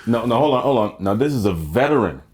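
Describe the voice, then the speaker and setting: A man's voice: mid-range voice, big pitch swings, fast talker, darkish tone. A man co-hosting a casual podcast who backs up his partner and asks probing questions. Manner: engaged listener, frequent affirmations, quizzing questions. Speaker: podcast co-host.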